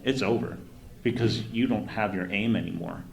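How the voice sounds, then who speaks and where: A man's voice: fairly low pitch, normal speed, creaky. A man co-hosting a podcast in casual chat, rambling and restarting as he retells things with animation. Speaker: podcast co-host. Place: live event.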